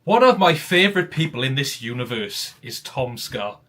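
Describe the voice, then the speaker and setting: Chatty Welshman with a softened accent. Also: medium pitch, moderate pace. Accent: Welsh, softened toward general British. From Wales. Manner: chatty, laughs often, animated. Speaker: host. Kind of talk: casual chat on a stream.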